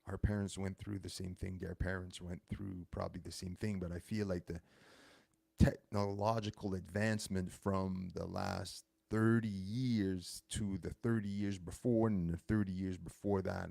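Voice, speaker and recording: This show host, a man in his thirties, rambles casually through a story, frequently correcting himself. He speaks low, with noticeable vocal fry, and the recording is dry.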